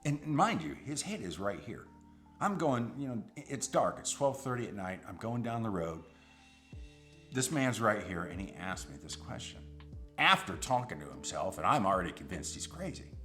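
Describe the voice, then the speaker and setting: Low-voiced man telling a tense story. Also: moderate pace, faint music behind. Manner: animated, suspenseful retelling. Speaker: rideshare driver. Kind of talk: personal storytelling.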